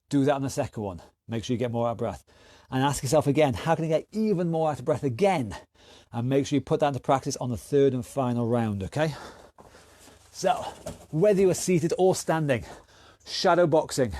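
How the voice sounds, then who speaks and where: A man's voice: on the high side, dark tone, no echo, studio quality. A man leading an online exercise class, counting down rounds and calling out moves with encouragement. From United Kingdom. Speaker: fitness instructor. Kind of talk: online workout class coaching.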